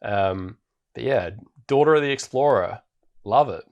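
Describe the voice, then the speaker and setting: A man's voice: medium pitch, lively intonation, unhurried. A man co-hosting a podcast, casually recapping a film with lots of ums and little laughs. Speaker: podcast co-host. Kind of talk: casual chat.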